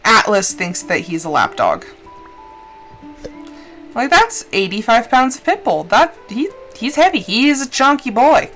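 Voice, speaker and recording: A woman's voice: on the high side, unhurried, soft background music, low-quality recording. A woman streamer chatting casually and rambling while she plays a game. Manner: rambling, chatty, animated asides. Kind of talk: casual chat while gaming.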